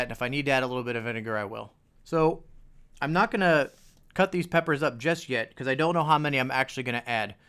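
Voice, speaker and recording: A young adult man talks through a homemade recipe in his home kitchen. His voice is smooth and clear at a middle pitch, and his delivery is casual and chatty, with joking asides to the viewers. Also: fairly bright tone. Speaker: cooking video host. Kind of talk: casual cooking demonstration.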